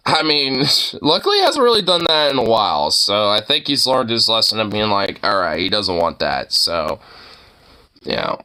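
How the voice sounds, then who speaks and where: Lively, rambling, slangy man. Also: mid-range voice, moderate pace, smooth. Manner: rambling, slangy, swears a lot. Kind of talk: casual reaction commentary.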